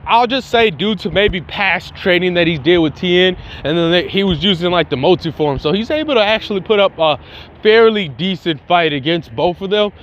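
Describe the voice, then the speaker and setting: A man casually narrating a made-up story in a slangy, animated way, breaking into fight sound effects. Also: high-pitched, highs cut off, slight background noise. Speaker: fan channel host.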